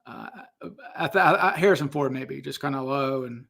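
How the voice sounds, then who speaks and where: A man's voice: medium pitch, fairly even intonation, brisk, gravelly, bright, forceful tone. A man hosting a casual livestream Q&A, rambling and breaking off to apologize while he hunts for files. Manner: rambling, self-interrupting, apologetic asides. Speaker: host answering viewer questions.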